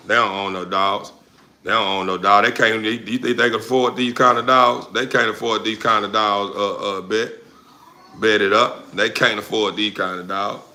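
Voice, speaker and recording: A man on a livestream, loudly and confrontationally answering viewers in casual slangy talk, recorded without a lapel mic. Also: lowish voice, steady tone, normal speed, slight background noise. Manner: loud, confrontational, repetitive, slangy. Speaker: dog breeder streamer answering chat. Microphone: no lapel mic, phone or camera mic.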